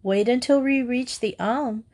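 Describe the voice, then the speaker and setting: A woman's voice: fairly high pitch, measured pace, darkish tone, pitched above the performer's own voice, lightly acted. A woman voices a prim teacher in a classic school story. She sounds doubtful and a little unfeeling. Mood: curt.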